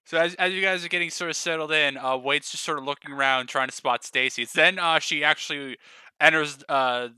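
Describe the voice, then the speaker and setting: A man's voice: a little high, a little fast, pushed and bright, clear, resonant tone, no echo. A man narrating a tabletop game as game master, in a loose, rambling way with lots of fillers.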